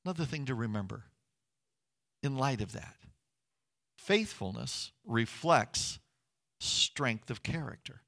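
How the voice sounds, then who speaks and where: A man's voice: mid-range voice, lively intonation, slow, vocal fry, long pauses, fairly bright tone. A middle-aged man preaching a sermon as pastor, earnest and conversational, with emphatic rises.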